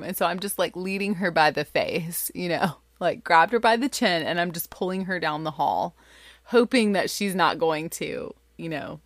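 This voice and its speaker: A woman in her thirties, a mother, telling a family story in an animated, chatty way with lots of fillers. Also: fairly low pitch, moderate pace, dry recording, studio quality. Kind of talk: casual storytelling.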